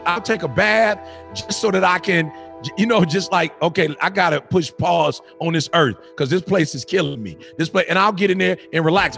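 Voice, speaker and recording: Man, middle-aged, gravelly voice, raised pitch, preaching cadence, repeated phrases, faint music behind. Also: fairly bright tone. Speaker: motivational speaker. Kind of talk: impassioned motivational talk.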